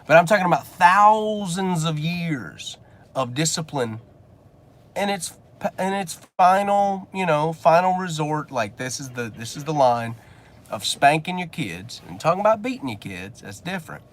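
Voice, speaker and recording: A man's voice: a little high, sing-song, measured pace. A man giving a blunt, preachy motivational rant from his car, swearing casually as he talks to his viewers. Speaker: business coach and channel host.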